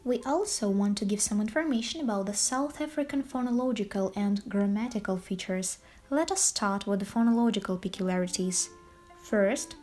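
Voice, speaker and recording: A woman's voice: mid-range voice, a little mellow. A woman student reading a prepared class presentation in a careful, explanatory way.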